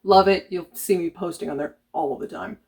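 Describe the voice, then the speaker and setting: A woman's voice: on the low side, steady tone, moderate pace, vocal fry, a little mellow. Chatty woman co-hosting a comics show. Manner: chatty, laughs often. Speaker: co-host. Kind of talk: casual chat.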